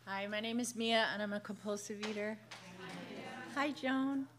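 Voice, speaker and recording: A woman in her fifties sharing her story at a recovery meeting, emotional and halting, with many fillers and restarts. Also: medium pitch, fairly even intonation, crowd noise. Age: 50s. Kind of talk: personal share at a recovery meeting. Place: meeting room.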